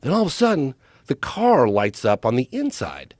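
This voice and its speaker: A man telling a story with excitement and a lively, rising and falling pitch. He sits close to a studio mic in a dry room, speaking as a podcast guest. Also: moderate pace, no room sound. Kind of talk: animated storytelling.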